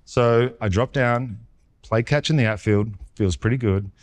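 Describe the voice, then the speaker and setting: A man in his forties with an Australian accent, a former pitcher guest telling his story in a casual interview and acting out the dialogue. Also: measured pace. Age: 40s. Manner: lively storyteller who acts out quoted dialogue.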